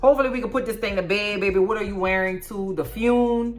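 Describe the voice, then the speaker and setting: A middle-aged woman giving a sassy, animated TV recap into her phone, often yelling for emphasis. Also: medium pitch, fast talker, faint music behind. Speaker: TV recap vlogger. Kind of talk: casual TV recap commentary.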